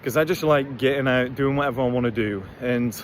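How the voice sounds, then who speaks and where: A man's voice: medium pitch, fairly quick, a little hiss or hum. A man giving a blunt, rambling, profane motivational monologue to camera as host of his own channel. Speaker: motivational vlogger.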